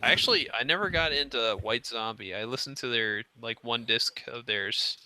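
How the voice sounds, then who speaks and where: A man chatting casually on a video call, easygoing and agreeable, often answering with a quick "mm-hmm.". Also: mid-range voice, sharp tone. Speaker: guest in an online hangout. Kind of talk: casual chat.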